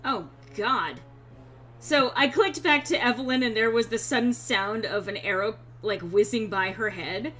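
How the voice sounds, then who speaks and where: A woman streamer chatting casually over gameplay, reading chat aloud, frank and quick to swear. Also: a little high, pushed and bright, faint music behind.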